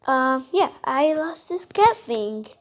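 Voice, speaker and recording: A woman casually reacting to a video, talking in a halting, distracted way. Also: high voice, lively intonation.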